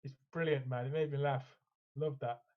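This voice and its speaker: A man's voice: mid-range voice, steady tone, moderate pace, phone-quality sound, a crowd in the background. A man co-hosting a casual hobby chat, talking enthusiastically and rambling with lots of fillers. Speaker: co-host.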